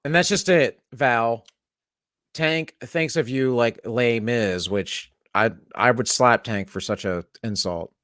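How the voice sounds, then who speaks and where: A man's voice: mid-range voice, slow, fairly bright tone, dry recording, clean studio sound. A man hosting a casual chat show, joking around and reading viewer messages aloud. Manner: jokey, reads chat aloud. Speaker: podcast host.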